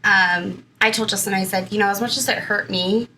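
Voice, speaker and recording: A woman's voice: medium pitch, steady tone, brisk, pushed and bright, slight background noise, rough recording. A woman in her thirties from Southern California, a guest in an interview, telling her own story in a chatty way full of "like" and "you know".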